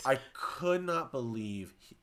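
A man co-hosting a podcast, retelling a TV episode in a gushing, emotional, fast-talking way. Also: mid-range voice, animated, noisy background. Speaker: podcast co-host. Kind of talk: casual chat.

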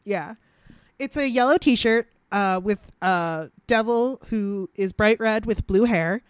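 Woman, podcast co-host, casual chat, reads news aloud, halting fillers, dry sound. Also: medium pitch, clear, resonant tone, dry recording. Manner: halting, with many fillers and restarts.

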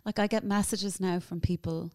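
A woman's voice: fairly low pitch, steady tone, moderate pace, darkish tone. A woman guest telling a story in casual interview chat, chatty and emotional, full of "like" fillers. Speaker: guest, cookbook author.

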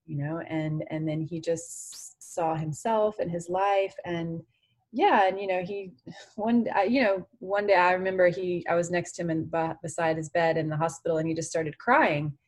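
Guesting on an interview podcast, a former tennis champion from France in her 40s speaks with heartfelt sincerity, peppering her speech with "you know." Her voice is fairly low, steady and a little mellow, and her pace is normal.

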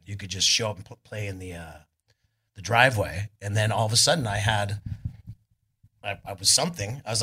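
A middle-aged man from California, a guest musician telling laid-back, animated stories at a live podcast show, acting out what others said. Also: fairly low pitch, slightly rough. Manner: laid-back, animated storytelling with voices for quotes. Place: arts club on stage before an audience.

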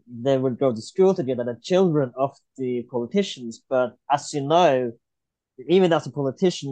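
A man hosts a podcast interview at a mid-range pitch. He thinks aloud as he speaks, leaving sentences unfinished and circling back to restart them. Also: dark tone, low-quality recording. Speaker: podcast host.

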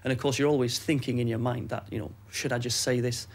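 A man recounts his ordeal in quick, measured testimony. His pitch barely moves, and his words come steadily. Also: level tone. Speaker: interviewee recalling captivity. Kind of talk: personal testimony.

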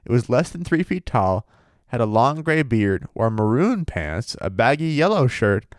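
A man speaks a little slowly in a sing-song, mid-range voice, the recording dry and studio-clean. On a casual podcast he co-hosts, he reads a paranormal story aloud and fools around in a loose, foul-mouthed way, laughing a lot.

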